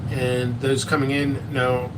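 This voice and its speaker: A man's voice: mid-range voice, completely flat delivery, measured pace, far from the mic, noisy background. A man hosting a casual live stream about peppers and hot sauce, rambling and joking at his own expense. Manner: rambling, joking, self-mocking.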